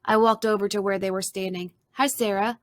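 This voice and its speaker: A woman reading a children's storybook aloud, narrating softly and expressively in the first person. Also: medium pitch, little pitch movement, fast talker.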